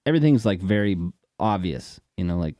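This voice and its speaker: A man's voice: deep voice, sing-song, a little fast, warm tone, no room sound, clean studio sound. A man with a Southern accent co-hosting a casual chat, teasing a friend and acting out quotes. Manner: teasing storyteller, acts out quotes. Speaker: co-host.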